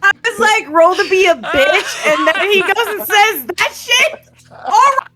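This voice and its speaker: A woman at a tabletop game telling what happened in an animated, laughing way. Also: very high voice, measured pace, over loud music. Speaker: player. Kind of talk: casual chat at a game table.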